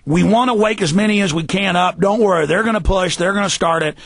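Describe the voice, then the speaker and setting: A male radio host rants emphatically, his voice pitched high with a husky, gravelly grain. He is heard dry and close on the mic, and he pushes hard into his points, sometimes rising to a shout. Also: fast, dry recording. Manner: emphatic, ranting, raises voice to a shout. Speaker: radio talk show host. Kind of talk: heated talk radio rant.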